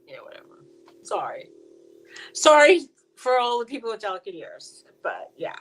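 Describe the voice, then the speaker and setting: A middle-aged woman hosting a casual live-stream chat with a friend, talking in a chatty, animated way. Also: on the high side, moderate pace, rough recording. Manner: chatty and animated, swears and laughs easily. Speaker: channel host.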